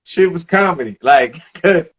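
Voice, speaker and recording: A man, a former basketball player, telling stories in a casual interview, animated and slangy, repeating words as he builds up. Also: fairly high pitch, a little slow, slightly rough.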